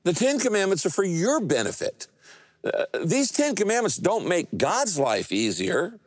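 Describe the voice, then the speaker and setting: A male pastor preaching a sermon. He speaks emphatically, often quizzing the congregation, and shifts his pitch and pace for effect. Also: very animated, normal speed, no room sound. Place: church stage speaking to several campuses.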